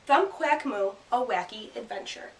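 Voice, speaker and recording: A woman teacher giving a grammar lesson and reading a picture book aloud, speaking clearly and punching out the sound words. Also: a little high, expressive, moderate pace. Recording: roomy sound from a distant mic.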